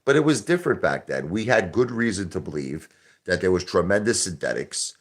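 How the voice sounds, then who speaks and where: A man's voice: sits low, sing-song, fairly quick, slightly rough. A man hosting a live stream, ranting in a brash, combative way and repeating himself for emphasis. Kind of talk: casual live-stream rant.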